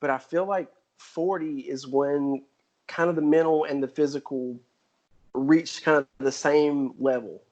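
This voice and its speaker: A guest athlete in his forties chats casually on a podcast, speaking haltingly with many fillers and restarts. His voice is a little high, steady, and darkish, and the recording has its highs cut off.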